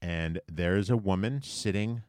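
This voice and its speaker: A man's voice: sits low, measured pace, darkish tone, no room sound. A man co-hosting a podcast from a basement studio, casually telling a self-mocking story with lots of fillers. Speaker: podcast co-host. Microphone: large studio microphone.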